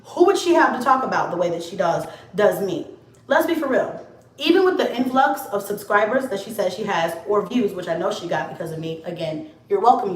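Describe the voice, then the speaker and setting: Woman going off on camera, high voice, cussing and blunt, kinda far from the mic. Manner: blunt, profane, confrontational. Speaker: vlogger. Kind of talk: casual rant to camera. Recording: echoey room, set back from the mic.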